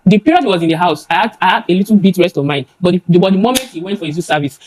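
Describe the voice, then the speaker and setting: A young woman with a Nigerian accent giving emotional testimony before a judge, rushing and halting with many restarts and repeated words. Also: fairly low pitch, darkish tone, slight background noise, low-quality recording.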